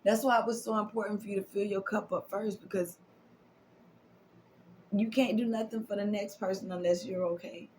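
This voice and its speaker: Woman, oracle card reader, affirming, repetitive, slips into whispers, mid-pitched voice. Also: steady tone, moderate pace, darkish tone, a little hiss or hum, rough recording. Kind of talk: spiritual card reading to viewers.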